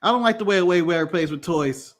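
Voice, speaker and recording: A man's voice: high voice, brisk. A man from the United States co-hosting a podcast, chatting casually and joking with frequent laughter. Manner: animated, joking, laughs often. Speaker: podcast co-host. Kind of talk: casual watch-along chat.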